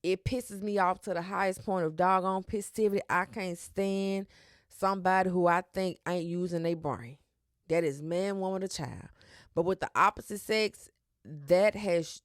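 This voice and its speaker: A woman hosting her own podcast, talking in a sassy, animated way with slang and cursing. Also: mid-range voice, normal speed, no room sound, studio quality. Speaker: podcast host. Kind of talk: casual solo podcast talk.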